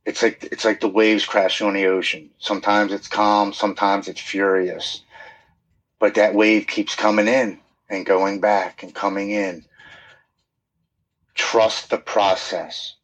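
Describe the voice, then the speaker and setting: A man's voice: lowish voice, flat delivery, measured pace. A middle-aged man, a podcast guest, telling his recovery story in an earnest, heartfelt way, sometimes repeating words when moved.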